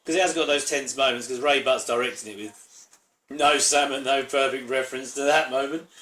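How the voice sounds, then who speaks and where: A man's voice: mid-range voice, steady tone, a little fast, a bit bright, reverberant. A man hosting his own channel, giving casual, rambling reaction commentary full of asides. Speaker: channel host reviewing a TV episode.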